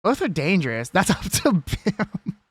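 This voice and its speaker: Streamer, casual live chat, jokey and combative, animated delivery, dry sound. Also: mid-range voice, unhurried, slightly rough, dry recording. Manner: ranting, swearing, argumentative; rambling, jokey.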